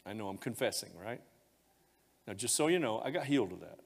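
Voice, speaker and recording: A male pastor preaches a sermon built around a personal confession, telling it in a heartfelt, emotional way, his voice climbing when he is moved. He speaks fairly quickly in a low, husky, expressive voice with vocal fry, and the recording carries a long hall reverb.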